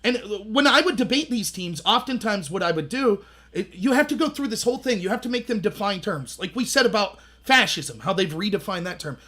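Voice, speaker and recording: A man in his thirties hosting a livestream, telling animated stories in casual commentary and acting out the voices he quotes. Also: high-pitched, a little fast. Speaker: livestream host.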